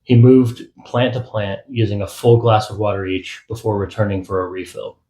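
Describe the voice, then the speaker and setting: A man narrating his own fantasy audiobook in a measured storytelling manner. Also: fairly low pitch, flat delivery, mellow, reverberant, low-quality recording. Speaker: author and narrator.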